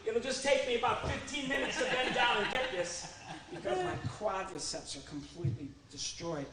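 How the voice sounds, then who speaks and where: A man's voice: sits high, expressive, normal speed, low-quality recording. A man doing stand-up comedy with a puppet, joking about himself and chatting to the crowd. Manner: jokey, self-deprecating, talks to crowd. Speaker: comedian and ventriloquist. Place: home, performing to a virtual audience.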